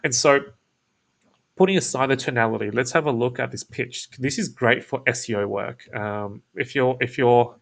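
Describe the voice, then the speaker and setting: A man with an Australian accent explaining a cold call script in a casual teaching talk, his voice creaky and croaky, kept laid-back and toned down. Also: moderate pace, fairly bright tone. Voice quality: creaky, croaky low delivery. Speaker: agency owner teaching cold calling. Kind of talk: casual instructional talk with demo lines.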